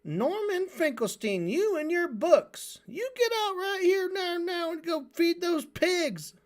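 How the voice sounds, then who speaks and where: Brief: a nagging housewife mom, as a streamer puts her on, shrill and high, barking orders at her kid. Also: big pitch swings, slow, exaggerated voice. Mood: scolding. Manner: nagging, scolding. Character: shrill scolding housewife mother. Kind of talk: mocking impression.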